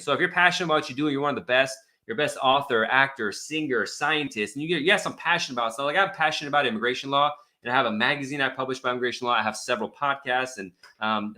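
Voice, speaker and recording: A man's voice: medium pitch, bright, forceful tone. A man who is an immigration attorney answers viewer questions on a live stream in a blunt, exasperated, rambling way.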